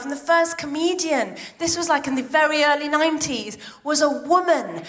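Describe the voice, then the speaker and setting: A middle-aged woman performs stand-up comedy on a big theatre stage, her voice pitched high. She talks in a chatty, excitable way, darting into quick asides. She grew up in Iran. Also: a little hiss or hum. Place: large theatre stage with audience laughter.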